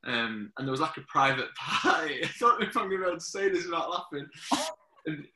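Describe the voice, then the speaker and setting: A man's voice: a little high, big pitch swings, fast talker, sharp tone. A man hosting a casual podcast, hesitant and laughing, with many ums. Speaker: podcast host. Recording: roomy echoey room.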